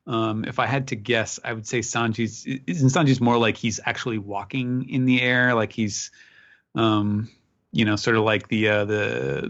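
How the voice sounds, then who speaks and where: A man guesting on a casual podcast talks through his answers out loud, with many restarts and playful sound effects. His voice is fairly low. The audio comes through muffled and lo-fi. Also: vocal fry. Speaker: guest translator.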